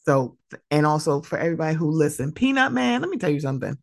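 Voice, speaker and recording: A woman's voice: low voice, a little fast, gravelly, dry recording, clean studio sound. A woman hosting her own podcast, talking casually and with feeling, telling stories about friends. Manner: emotional, tearful at times, animated storytelling. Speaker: podcast host. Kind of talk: casual solo podcast monologue. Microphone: close podcast mic.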